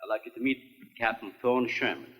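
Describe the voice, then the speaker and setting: Older scientist, 1950s film, formal, explanatory, husky, animated pitch. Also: male voice, fairly quick, in a large hall. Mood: earnest. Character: earnest older male scientist and father. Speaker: scientist running an island lab.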